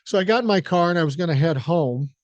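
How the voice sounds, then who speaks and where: A man in his sixties from the Midwest spins a story on his podcast, blunt and laid-back, with plenty of swearing. His voice sits a bit high for a man, recorded close and dry with no room sound. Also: animated, fast talker, dry recording, highs cut off. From American Midwest. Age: 60s. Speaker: podcast host. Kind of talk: casual storytelling monologue.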